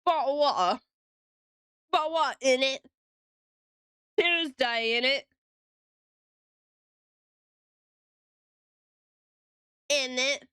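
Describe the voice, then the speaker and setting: A woman's voice: high voice, measured pace, a bit bright, smooth, no room sound, studio quality, pitched above the performer's own voice. A woman putting on an exaggerated mock British accent, playfully and for laughs.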